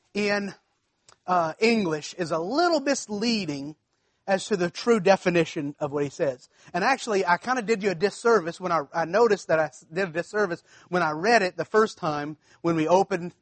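A pastor with a high-pitched voice preaches a sermon at normal speed in a conversational way, captured in a dry recording. He repeats phrases and asks the congregation whether it makes sense to check that they're following.

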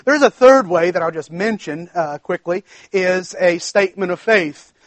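A male pastor with a fairly high voice delivers a sermon, leaning hard on key words and drawing them out slowly. The sound is close and dry, with no room around it. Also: no echo.

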